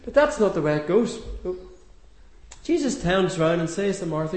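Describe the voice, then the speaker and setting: A man's voice: sits high, big pitch swings, moderate pace, a little mellow, echoey room. A man giving a sermon in a chatty, homely storytelling manner with light humour. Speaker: preacher.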